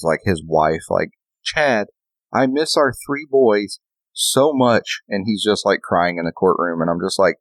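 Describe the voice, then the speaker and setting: A man's voice: low-pitched, dry recording. A man co-hosting a podcast in casual chat, profane and rambling, acting out quotes as he talks. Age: adult, a parent. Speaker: podcast co-host.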